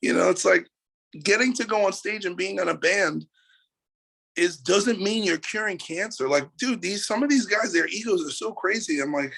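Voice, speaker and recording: A man from New York City, a musician guest in a casual interview, ranting in an animated, profane way and laughing between points. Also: high-pitched, moderate pace, gravelly, slightly rough.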